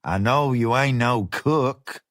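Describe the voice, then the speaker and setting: Male narrator voicing a drawling, slangy hired fixer; slow and swaggering. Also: medium pitch, a bit bright, no echo, studio quality. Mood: drawling menace. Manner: drawling, easygoing slang with menace. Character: smooth, menacing male American fixer, casual swagger.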